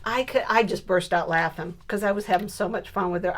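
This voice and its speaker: A woman in her sixties telling a funny family story in a casual, animated way while she works on a scrapbook page. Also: medium pitch, a little fast, hardly any pauses. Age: 60s. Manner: animated storyteller who builds to punchlines. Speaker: scrapbooking crafter.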